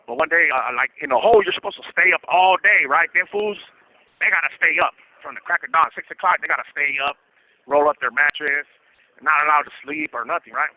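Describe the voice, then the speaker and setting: Fast-talking man on a tinny phone line. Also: on the high side. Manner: streetwise slang, acts out quoted voices. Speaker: guest telling prison stories. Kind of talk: casual storytelling over the phone.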